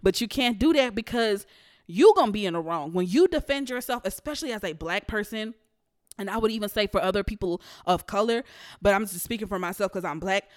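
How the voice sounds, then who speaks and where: A young adult woman hosting her own podcast, telling stories of work in a blunt, profane, animated way. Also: medium pitch, a little fast, no room sound, clean studio sound. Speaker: podcast host. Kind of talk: casual storytelling rant.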